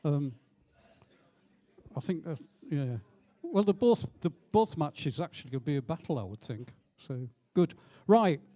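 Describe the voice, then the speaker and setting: A man's voice: fairly high pitch, very animated, a little slow, dark tone. A man hosting a live show, chatting and teasing the audience before introducing the act. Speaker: event host.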